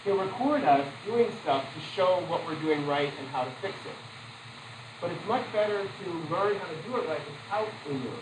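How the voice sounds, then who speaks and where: A man's voice: high-pitched, animated, moderate pace, noisy background. Chatty male psychology teacher lecturing. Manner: conversational, quizzes the class with questions; loose, self-correcting delivery with asides. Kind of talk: classroom lecture.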